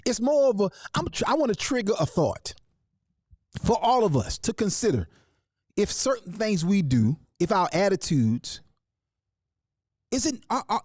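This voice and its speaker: A man's voice: high voice, darkish tone, dry recording, clean studio sound. A man hosting a live online show, talking to viewers and greeting them by name in a sing-song way. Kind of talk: live-stream talk with viewer shout-outs.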